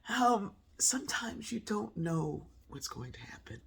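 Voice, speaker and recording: A woman with a husky, mid-range voice and vocal fry speaks unhurriedly, sharing a personal story in a reflective monologue. She's animated, acting out voices whenever she quotes people.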